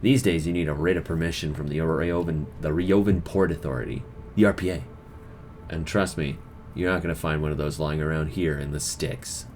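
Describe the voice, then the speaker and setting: A man voicing a sardonic woman harbor master in a fantasy game, speaking in a dry, grumbling, unhurried way. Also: very deep voice, darkish tone, soft background music.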